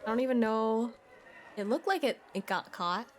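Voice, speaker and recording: A woman's voice: fairly high pitch, expressive, moderate pace. A young woman streaming live, chatting playfully with lots of giggles while she plays. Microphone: desk mic.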